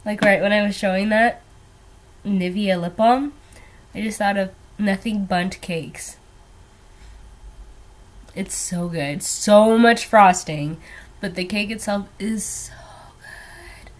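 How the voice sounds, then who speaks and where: A woman's voice: mid-range voice, measured pace. A young woman chatting casually while doing her makeup at home, rambling and hesitant with lots of ums and trailing asides. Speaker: beauty vlogger. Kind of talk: casual get-ready-with-me chat.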